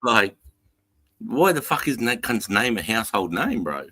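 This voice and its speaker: A man with an Australian accent hosting a casual reaction chat, loud and sweary, laughing as he banters. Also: on the low side, big pitch swings, a little slow, dry recording. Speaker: streamer host.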